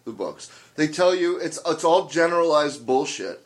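A man's voice: fairly high pitch, very animated, normal speed. A man co-hosting a casual podcast chat, ranting with plenty of swearing. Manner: profane, ranting.

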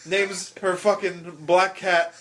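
A man's voice: sits high, flat delivery, slow, a bit bright. Swearing man telling a story. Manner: profane, anecdotal storyteller. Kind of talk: casual chat.

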